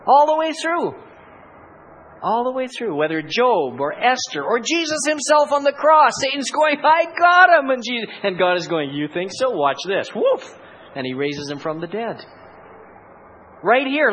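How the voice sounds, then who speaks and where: A man's voice: high voice, fairly bright tone, slight background noise, poor audio. A male pastor giving a sermon, asking rhetorical questions and acting out voices in dramatic asides.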